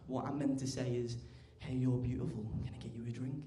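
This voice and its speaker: Teenage comic, echoey club. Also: male voice, mid-range voice, fairly even intonation, a little fast, hardly any pauses. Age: teens. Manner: chatty, keeps asking "right?", bursts loud for acted bits. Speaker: stand-up comedian. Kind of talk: stand-up comedy routine. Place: large comedy club stage. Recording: echoey live club room.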